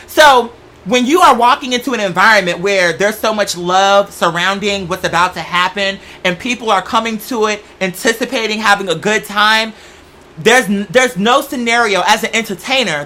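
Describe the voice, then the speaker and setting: A man's voice: high voice, normal speed, bright, forceful tone. A young man hosting a show, talking in a sassy, campy, profane comedic monologue. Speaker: show host.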